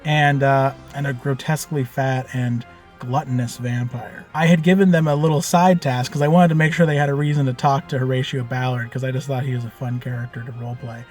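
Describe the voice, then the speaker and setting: A man telling the story of a tabletop game he ran as game master, in a loose, animated way with lots of fillers and casual swearing. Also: mid-range voice, brisk, faint music behind.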